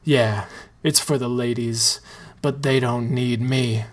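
Man doing mopey male dancer, choked, self-pitying, slow. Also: mid-range voice, steady tone, natural voice. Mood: dejected.

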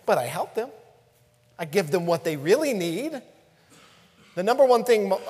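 A man preaching a sermon, dropping to hushed tones and rising to loud emphasis. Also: on the high side, in a large hall. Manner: preaching with dramatic swings between hushed and loud. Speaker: pastor.

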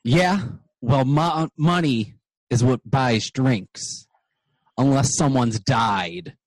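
Man playing a gruff dwarf barkeep, stubborn, slow curt words, dry close sound, tabletop game. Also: medium pitch, no room sound, voice pushed down, low-quality recording.

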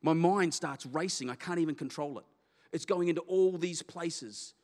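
A middle-aged pastor tells his own story in an animated, candid, self-deprecating way. His voice sits a little high for a man. A long reverb trails after him, as in a big church hall. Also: normal speed. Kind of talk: personal testimony sermon.

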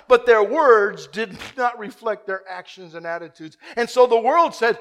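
A man preaching a sermon, swinging from loud, urgent repeated questions to a hushed, quiet prayer. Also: very high-pitched, moderate pace, few pauses.

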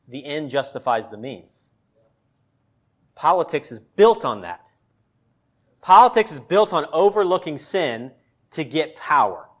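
A male pastor preaching a sermon, emphatic, with loud peaks and pointed questions to the congregation. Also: on the high side, big pitch swings, a little slow, long pauses.

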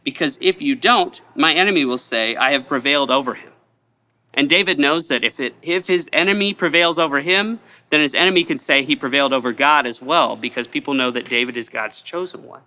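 A man's voice: on the high side, fairly quick, few pauses, bright, forceful tone. A man preaching a midweek sermon as pastor, earnest and repeating phrases for emphasis.

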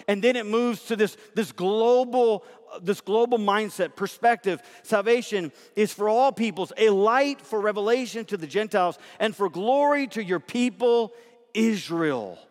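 A man preaching a sermon as a pastor, emphatic and conversational, animated in his delivery. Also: high voice. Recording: long hall reverb.

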